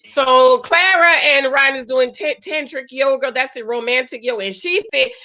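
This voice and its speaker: A woman's voice: high voice, normal speed, sharp tone, muffled recording. A woman hosting a casual reality TV recap, chatty and exclamatory, often calling her viewers child and honey.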